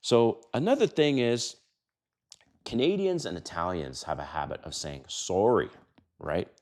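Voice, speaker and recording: A man's voice: fairly low pitch, wildly swooping pitch, normal speed, darkish tone. A middle-aged man giving dating advice in a casual vlog monologue, blunt and profane, acting out other people's voices as he tells stories.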